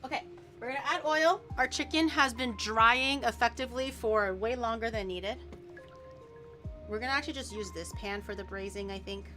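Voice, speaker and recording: A woman with a slightly high voice chats casually to her stream while cooking. She slips into playful mock outrage when chat teases her, and music plays steadily under her voice. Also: normal speed. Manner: chatty, playfully indignant, bickering with chat.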